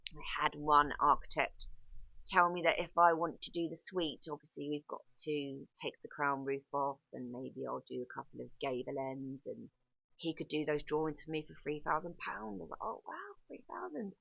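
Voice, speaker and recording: A woman who manages building sites and owns a pub, talking frankly and casually, often correcting herself and filling pauses with ums. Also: deep voice, fairly even intonation, creaky, dry recording. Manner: chatty, frank, self-correcting with frequent ums. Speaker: site manager and pub owner. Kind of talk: candid casual monologue. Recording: dull lo-fi, dry sound.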